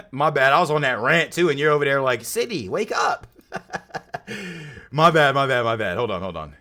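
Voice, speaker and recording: A man's voice: mid-range voice, lively intonation, normal speed, sharp tone. A young man hosting a live stream, chatting casually and greeting viewers by name in slangy talk. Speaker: streamer and podcast host.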